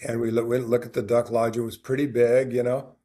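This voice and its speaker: Fast and flat, with a dark tone to his medium-pitched voice, a podcast co-host rambles through a long personal anecdote. He restarts sentences often and weaves in quoted dialogue, keeping it casual.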